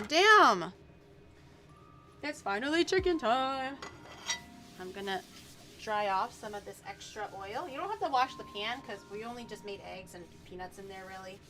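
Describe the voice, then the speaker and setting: A woman streamer chatting casually while she cooks, playfully indignant as she bickers with her chat. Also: medium pitch. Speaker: streamer cooking on camera. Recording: background music under voice.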